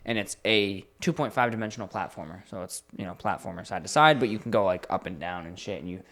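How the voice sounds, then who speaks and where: A man's voice: low-pitched, fast talker, a bit bright. A young man co-hosting a podcast, chatting casually and swearing freely as he tells stories with animation. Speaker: podcast co-host. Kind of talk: casual chat.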